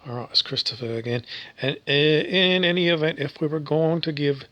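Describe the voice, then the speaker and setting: A Canadian man vlogs in a wandering, wry monologue packed with fillers and asides. His voice is a little high at a moderate pace, and the recording sounds muffled.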